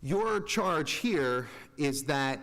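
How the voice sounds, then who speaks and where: A man's voice: on the high side, animated, drawn-out words, a bit bright. Board member, 40s man, earnest and rambling, long hall echo. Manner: rambling, earnest, self-interrupting. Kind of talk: public meeting remarks. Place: large school meeting room. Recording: reverberant hall.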